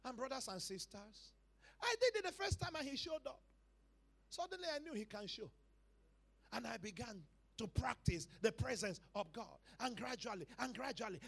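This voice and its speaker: A male pastor preaching a sermon to a church congregation, dropping to hushed lines and rising to loud shouted calls, repeating phrases for emphasis. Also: extremely high pitch, creaky. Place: church service.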